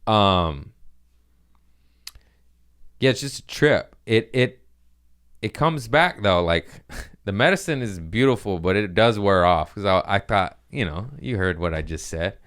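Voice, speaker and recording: A man with a deep, smooth voice talks casually on his own podcast. He rambles loosely and crudely, mocking himself as he goes, and keeps it loose and unpolished. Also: animated, a little slow, long pauses, fairly bright tone. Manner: rambling, crude, self-mocking and laughing often. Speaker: podcast host. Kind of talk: casual solo chat.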